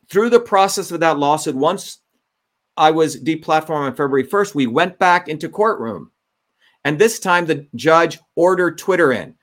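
A man's voice: a little high, fairly bright tone. A man who is a Senate candidate, talking emphatically in an interview, repeating his points and often restarting his sentences. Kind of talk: interview talk, recounting a story.

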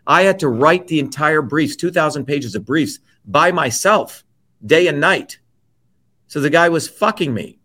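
Interview guest, man, slightly high voice, forceful and blunt, keeps asking "okay?". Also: lively intonation, measured pace. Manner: forceful, checks in with repeated "okay?"; blunt, swears freely. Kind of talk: emphatic conversational storytelling.

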